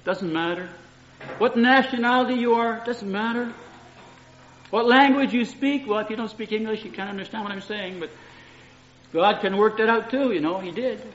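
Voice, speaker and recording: A man's voice: high-pitched, normal speed, slight background noise. A middle-aged man preaching a sermon, telling homely stories in an earnest way and often saying "you know". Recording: dull echoey room recording.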